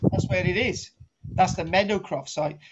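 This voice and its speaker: A man's voice: high-pitched, normal speed, very noisy. Guy rambling through a jokey archaeology class, keeps saying right, dull lo-fi sound. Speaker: archaeology teacher. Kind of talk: comic online lecture.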